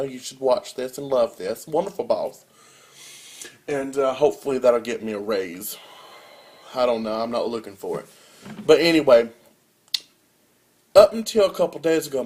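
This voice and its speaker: A young man, a college student telling a comic rant as a casual vlog with big swings in pitch and loudness. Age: young adult. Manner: animated storytelling with wide swings in pitch and loudness.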